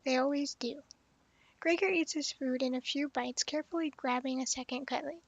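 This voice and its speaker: High-voiced woman streaming a game. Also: moderate pace, no echo. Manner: animated, blunt, swears and laughs often. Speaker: streamer playing a story game. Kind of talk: casual livestream commentary. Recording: dull, dry lo-fi sound.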